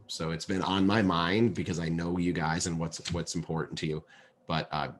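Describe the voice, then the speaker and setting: A man's voice: low voice, level tone, normal speed. A man hosting a podcast, speaking hesitantly with many fillers. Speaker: podcast host. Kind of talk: casual interview chat.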